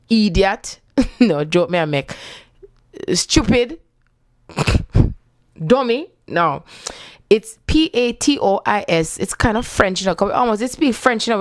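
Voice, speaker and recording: A woman from Jamaica with a Jamaican accent, giving a casual spiritual talk and playfully switching between patois and standard English. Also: a little high. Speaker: spiritual speaker.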